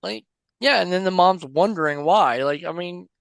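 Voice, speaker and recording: A man chats casually about films as a podcast co-host, wandering through his thoughts with plenty of filler words and the odd curse. His voice is smooth and clean, and the sound is dry and close with no room around it. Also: high voice, normal speed, dry recording. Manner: rambling, loose, heavy on filler words and mild swearing. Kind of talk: casual film chat.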